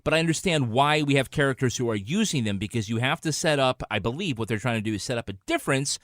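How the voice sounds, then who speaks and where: A man's voice: medium pitch, expressive, quick pace, fairly bright tone, no echo, clean studio sound. A man co-hosting a podcast review, teasing his co-hosts in an easygoing way. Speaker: podcast co-host.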